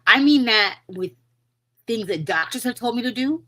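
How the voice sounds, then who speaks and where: A woman's voice: a little high, animated, moderate pace, pushed and bright, rough recording. A woman hosting her own podcast, talking casually and earnestly, with many fillers, and encouraging her listeners. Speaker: podcast host. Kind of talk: casual solo podcast talk.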